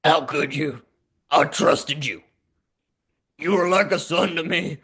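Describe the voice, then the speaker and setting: A man's voice: a little high, slow pace, a bit bright, slightly rough, heavily acted. A man voicing a frightened, betrayed male pig crime boss who questions things in a fretful, anxious way.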